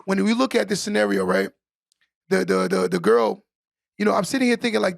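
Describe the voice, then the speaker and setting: Man, podcast guest or co-host: high-ish, very gravelly, dry close sound, earnest and reflective. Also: moderate pace, dry recording. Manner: earnest, reflective, builds points with rhetorical "right?". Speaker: podcast conversation partner. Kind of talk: casual podcast conversation.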